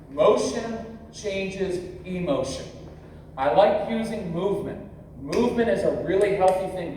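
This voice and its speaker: The speaker, a man in his fifties, has a high voice with a warm tone, leading a live parenting workshop where he tells stories, acts out quotes and jokes with the crowd. It's recorded in an echoey large convention hall from a distant mic, with slight background noise.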